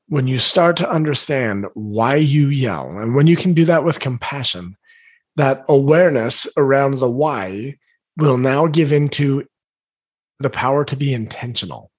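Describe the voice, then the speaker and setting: A man with a slightly husky voice coaches parents in an earnest, encouraging tone. His voice sits a little high for a man. He gently invites listeners to reflect on themselves and clears his throat now and then. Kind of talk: talking to parents about yelling.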